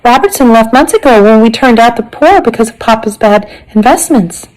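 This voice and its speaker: A woman's voice: fairly high pitch, expressive, a little fast, darkish tone, voice pushed up, natural voice, rough recording. A woman voicing an eager, anxious young girl in a read-aloud storybook. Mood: whispery urgent.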